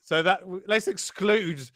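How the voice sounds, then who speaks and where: A man giving casual, excitable live race commentary, sweary and rambling with fillers. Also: sits high, slow pace.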